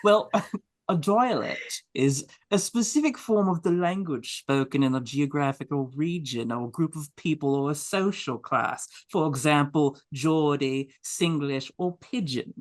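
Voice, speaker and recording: A man's voice: a little high, measured pace, dry recording. A man co-hosting a casual podcast chat, joking in a dry, mock-formal way. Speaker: podcast co-host.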